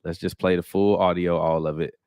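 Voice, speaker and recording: Male sports host, very low voice, dry close sound, casual and blunt to camera, lots of ums. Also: level tone, brisk, a little mellow, clear, resonant tone, no echo. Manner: candid, blunt, defensive, with frequent filler ums. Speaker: sports reporter and show host.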